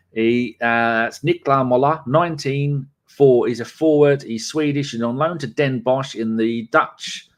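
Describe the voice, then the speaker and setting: A man hosting a casual live-stream podcast, rambling, reading out viewer comments and stumbling over names. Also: lowish voice. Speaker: podcast host.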